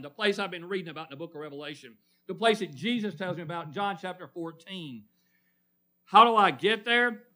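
A man's voice: high-pitched, animated, fairly quick, pushed and bright. A man preaching a sermon in church, asking the congregation questions and calling on people by name. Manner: calls on listeners by name, call-and-response questions.

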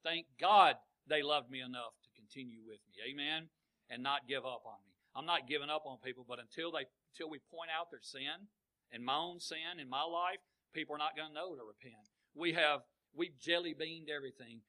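Guy preaching hard, real bright ringing voice, keeps asking amen. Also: medium pitch, brisk, low-quality recording. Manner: rising to loud, fervent exhortation with call-and-response "Amen?". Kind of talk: sermon.

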